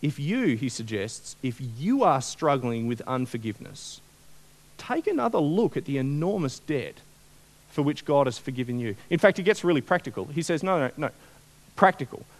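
A man preaching a sermon, conversational and animated, often asking the congregation questions. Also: mid-range voice, normal speed.

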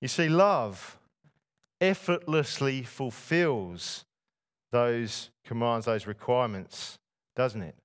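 A man's voice: mid-range voice, slow. A man preaching a sermon to a church congregation, putting rhetorical questions to his listeners. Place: church before a masked congregation.

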